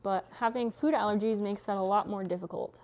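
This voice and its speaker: A woman's voice: medium pitch, fairly even intonation, a little fast, a little mellow. Young woman streamer, casual chat with viewers while working, swears freely, everyday mid-range voice.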